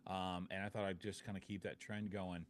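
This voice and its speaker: A man's voice: low-pitched, flat delivery, normal speed, slight background noise. A man co-hosting a casual podcast, easygoing as he sets up a segment. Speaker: podcast co-host. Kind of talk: casual chat.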